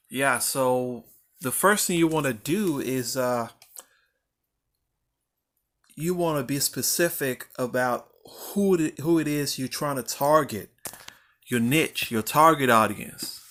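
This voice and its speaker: A man's voice: medium pitch, takes it slowly, pauses often, a bit bright. A man with a mid-range voice talks through a motivational vlog monologue. He rambles, circles back and repeats words to drive a point home, and swears casually along the way. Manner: rambling, repeats himself for emphasis. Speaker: vlogger.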